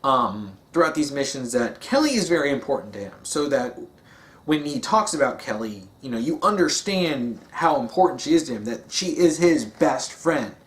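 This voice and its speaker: A man's voice: mid-range voice, sing-song, normal speed. A man giving a casual, rambling monologue, with many fillers and restarts. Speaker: video essayist.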